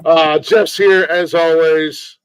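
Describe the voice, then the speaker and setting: Joking podcast host, dry close mic. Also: male voice, fairly high pitch, slow, clean tone, no echo, low-quality recording. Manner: relaxed, joking, rambling with fillers. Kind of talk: casual podcast chat.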